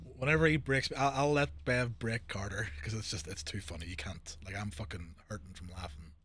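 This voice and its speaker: A man's voice: fairly low pitch, fairly quick, fairly bright tone, a little hiss or hum. A man hosting a podcast in casual chat, swearing loosely and ending remarks with "right?". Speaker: podcast host.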